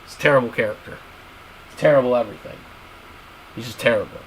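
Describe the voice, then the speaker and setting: A man's voice: mid-range voice, fast, slight background noise, low-quality recording. A man streaming, ranting bluntly and crudely in a casual, repetitive way.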